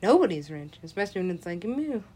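A woman's voice: fairly low pitch, fairly quick. A young adult woman, a parent, rambling in a loose monologue, laughing often, swearing freely and acting out the voices she quotes.

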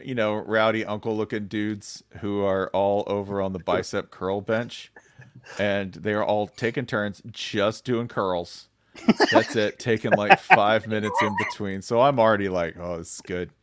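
Wry, animated male podcast guest. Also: on the low side, measured pace, clear, resonant tone, no room sound, clean studio sound. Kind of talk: casual podcast chat.

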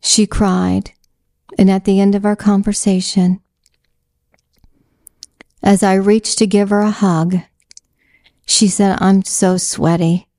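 A woman's voice: medium pitch, level tone, takes it slowly, long pauses, mellow, dry recording, studio quality. A middle-aged woman earnestly telling a Christian testimony and urging listeners on, repeating phrases for emphasis. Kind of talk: slow heartfelt testimony and exhortation.

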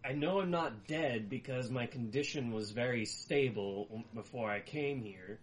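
A man taking part as a player in a tabletop game, calm and matter-of-fact, often speaking in character. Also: medium pitch, normal speed. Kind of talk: casual tabletop play.

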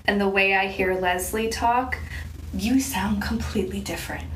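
A woman's voice: medium pitch, normal speed, a bit bright, far from the mic. A woman with a mid-range voice asks question after question in an easy, conversational way. She sounds set back from the mic in an echoing room, with a faint hiss behind her. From US West Coast. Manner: curious, asks many questions. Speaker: podcast co-host. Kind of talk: casual chat.

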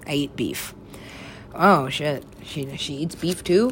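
A woman's voice: low voice, animated, slow pace, slight background noise. A woman talking in a rambling, profane, stream-of-consciousness way, in a casual monologue.

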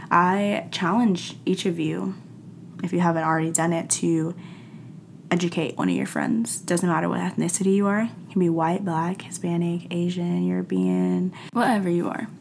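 Young woman host, low gravelly voice, emphatic casual motivational talk. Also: slight background noise. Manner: animated, emphatic, slangy, laughs often. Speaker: podcast host.

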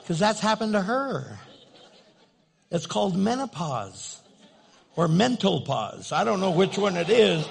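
A man's voice: sits high, big pitch swings, unhurried, vocal fry, long pauses. An older man preaching a sermon in a humorous, playful storytelling way. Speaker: pastor.

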